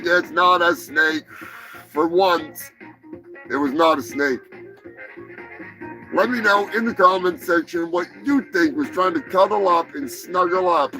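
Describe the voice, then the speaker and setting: A man's voice: sits high, vocal fry, pushed and bright, low-quality recording. A man hosting a live show, reading odd news stories in a crude, profane, mocking way. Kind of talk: crude comedic news chat.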